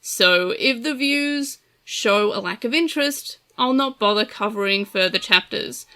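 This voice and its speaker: A woman's voice: fairly high pitch, expressive, unhurried, pushed and bright. A woman with an Australian accent, talking casually as the host of a podcast, chatty and self-deprecating.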